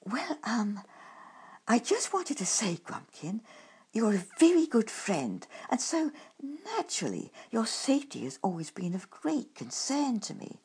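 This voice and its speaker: A timid male badger from a storybook, performed by a woman, fussing and confiding in a high, breathy hush. His voice sits above the narrator's and carries a husky edge. He speaks slowly and anxiously. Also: big pitch swings, full character voice. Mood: coaxing. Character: fussy, nervous male badger.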